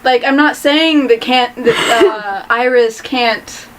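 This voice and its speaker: A woman with a high voice talking things through in a casual chat. She is opinionated and chatty and circles her points with plenty of hedging. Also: slow pace, rough recording. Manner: chatty, opinionated, trails off into hedges. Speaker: co-host.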